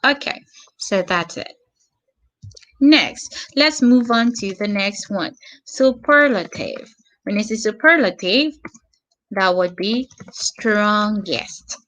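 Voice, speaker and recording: A woman gives an online English grammar lesson at a very slow, patient pace, repeating key words and spelling out endings letter by letter. Her voice is bright and clear. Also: mid-range voice, expressive. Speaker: English teacher.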